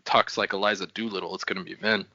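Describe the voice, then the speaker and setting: A man co-hosting a casual book discussion podcast, animated and quick to slip into character voices. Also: low voice, dry recording. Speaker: podcast co-host. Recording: dull lo-fi sound.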